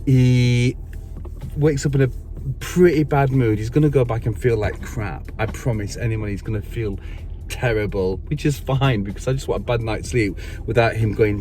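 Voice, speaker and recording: A middle-aged man with a steady, medium-pitched voice tells a story in a casual vlog. He rambles and sounds exasperated, throwing in quick asides.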